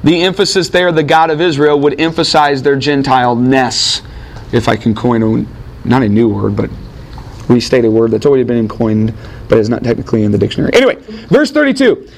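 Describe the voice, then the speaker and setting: A man's voice: mid-range voice, lively intonation, fairly quick, slight background noise. A man teaching a Bible class, asking his students questions and answering them himself.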